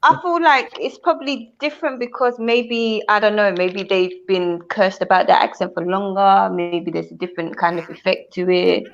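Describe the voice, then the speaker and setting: A woman's voice: mid-range voice, fairly even intonation, moderate pace, few pauses. A woman with an Ethiopian accent, a guest on a live stream, speaking thoughtfully and often hedging her views. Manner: thoughtful, hedging, often says she doesn't know. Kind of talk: casual chat. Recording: dull lo-fi stream audio.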